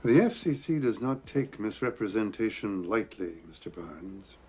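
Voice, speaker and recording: A man playing a brisk government investigator. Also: on the low side, lively intonation, background noise, natural voice. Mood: formal. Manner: formal, commanding. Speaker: federal investigator. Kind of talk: film acting. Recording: film soundtrack with loud music score.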